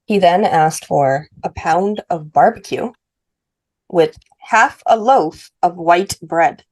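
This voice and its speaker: A woman from Puerto Rico chats on a podcast in a somewhat low voice. She reads out lists at an easy pace, then bursts into quick, animated asides. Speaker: podcast co-host. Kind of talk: casual chat.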